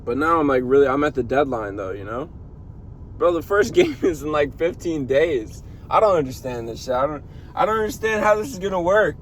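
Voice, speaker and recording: A man's voice: on the high side, animated, fairly quick. A young man talking casually to the camera from inside a car, venting in a rambling, profane way. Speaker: vlogger living in his car. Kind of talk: casual vlog monologue. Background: faint car and street noise.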